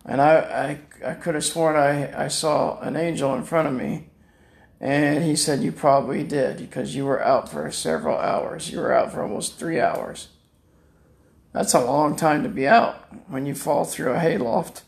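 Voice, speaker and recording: Older man in pain, rambling monologue from home; gravelly, raised pitch. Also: normal speed. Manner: rambling, repeats words, laughs at own jokes. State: in chronic pain. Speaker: podcast guest. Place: room at home.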